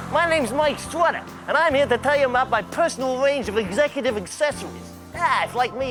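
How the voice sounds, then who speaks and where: A man doing a foul-mouthed brash lawyer. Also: very high-pitched. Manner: brash, swearing, cocky.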